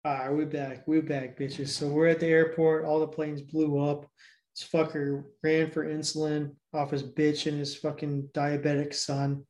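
Brief: young male podcast host, fairly high voice, loose and profane, rambles through a movie plot. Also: monotone, normal speed, a little mellow. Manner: rambling, heavy swearing, laughs while telling. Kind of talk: casual chat, retelling a movie plot.

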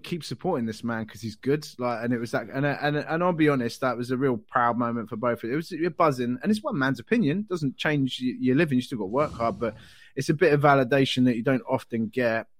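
A man's voice: mid-range voice, a little fast, no echo. Man telling stories, swearing. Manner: swears freely, acts out quotes in a raised voice. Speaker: comedian and promoter, guest. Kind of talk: casual podcast chat.

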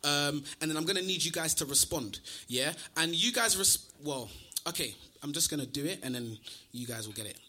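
A man's voice: fairly high pitch, lively intonation, brisk, bright, forceful tone. A man, a spoken word performer chatting in a rambling, filler-heavy way to a live crowd at a venue with a band. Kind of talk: live stage patter with a crowd.

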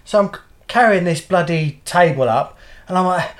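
A man's voice: high voice, animated, normal speed. A middle-aged man, co-hosting a casual podcast chat and rambling through anecdotes while swearing freely. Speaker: podcast co-host.

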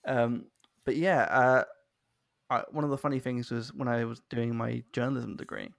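A man's voice: medium pitch, steady tone, normal speed, vocal fry, dry recording, studio quality. A man from London with an English accent, hosting a podcast interview in a chatty, self-deprecating way. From London, England. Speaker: podcast host. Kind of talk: casual interview chat.

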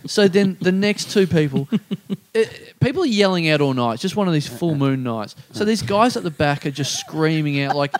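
A man's voice: a little high, moderate pace. A man telling a comedy gig story in casual chat, swearing freely and acting out the voices of the people in it. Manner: animated, swears a lot, acts out voices.

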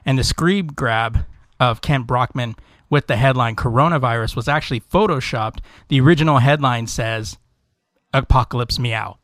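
A man's voice: medium pitch, normal speed, a bit bright, dry recording. A man co-hosting a podcast, chatting loosely with lots of fillers and casual swearing. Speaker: podcast co-host. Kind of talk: casual chat. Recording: dry close mic.

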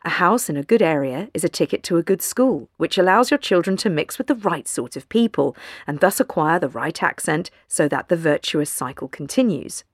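A woman narrating a news feature in a measured, deliberate way. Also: lowish voice, lively intonation, dry recording, studio quality. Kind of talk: scripted narration.

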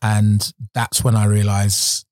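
A man's voice: fairly low pitch, completely flat delivery, takes it slowly, darkish tone, no room sound. A middle-aged man, a former Olympic sprinter, telling his story frankly in an interview and rambling with restarts and fillers.

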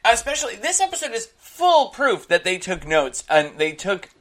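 Lively, bright-voiced podcast co-host. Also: medium pitch, normal speed. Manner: enthusiastic, swears freely, opinionated. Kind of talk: casual chat, episode recap.

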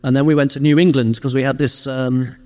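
Man guest, quick anecdotal storyteller, live stage, long hall reverb. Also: mid-range voice. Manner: lively storyteller, animated quoted asides. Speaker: interview guest, former games PR director. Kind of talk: casual anecdotal interview.

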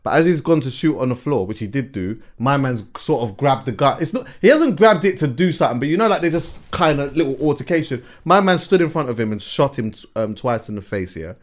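A man hosting a podcast in casual chat, telling stories in an animated way and often repeating words as he gathers his thoughts. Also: medium pitch, a little fast, few pauses. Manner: animated storyteller, repeats words while thinking, laughs as he tells stories. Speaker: podcast host.

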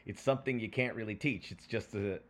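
A man hosting a podcast, chatting casually and telling stories in a lively way, then reading a prepared segment. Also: fairly low pitch, a little fast. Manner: lively, animated storyteller. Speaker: podcast host.

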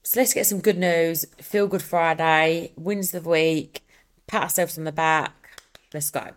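A woman's voice: low-pitched, steady tone, a little slow. A young adult woman hosting a casual solo podcast, chatty and upbeat with rambling asides. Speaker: podcast host.

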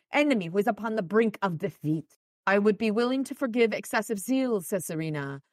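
This is a podcast host, a woman, giving a casual book recap with read-aloud passages done in light voices and chatty asides. Her pitch is medium and the recording is dry.

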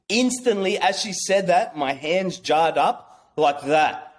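A man telling a personal story in a rambling, excited way, swearing and acting out what people said. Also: fairly high pitch, a little slow. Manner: acts out quotes. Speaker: guest. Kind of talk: casual storytelling.

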